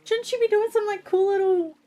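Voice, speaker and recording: A young adult woman streamer giving casual, excitable gameplay commentary, chatty and swearing often. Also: extremely high pitch, fairly quick, soft background music.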